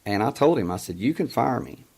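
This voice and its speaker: A man's voice: mid-range voice, big pitch swings, brisk, gravelly, a little mellow, breathy edge. A middle-aged man hosting a call-in talk show, telling a story in an emphatic way and quoting past conversations. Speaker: radio show host.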